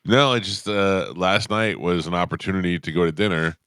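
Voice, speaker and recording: A middle-aged man hosting a morning radio show, telling a story with defensive energy and getting louder as he goes. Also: deep voice, fairly quick, clean tone, no room sound, studio quality. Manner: storytelling, defensive, gets louder when retelling. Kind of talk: casual morning radio banter. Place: radio studio. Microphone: studio microphone.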